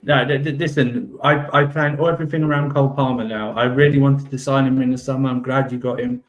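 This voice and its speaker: Man as defensive football boss, rambling, self-praising, mid pitch, comedic role-play. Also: steady tone, a little fast, dull audio, faint music behind, close to an everyday voice. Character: embattled male football manager defending his record.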